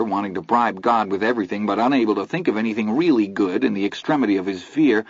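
A man with a low voice narrates a first-person story in a measured, low-key way. The sound is dry, with no room echo, and the audio is dull and lo-fi. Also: slightly rough.

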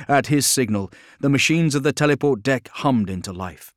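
A male audiobook narrator delivers scripted narration in a measured, even, steady storytelling manner. His voice is mid-range, and the booth recording sounds dry.

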